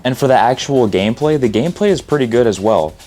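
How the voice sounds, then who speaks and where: A man's voice: medium pitch, animated, fast, dark tone, faint music behind. A man in his thirties hosting a casual, unscripted retro game video, slangy and enthusiastic, who often stumbles and restarts his words. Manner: stumbles and restarts, says he stutters a lot; laid-back slangy enthusiasm. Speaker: retro gaming video host.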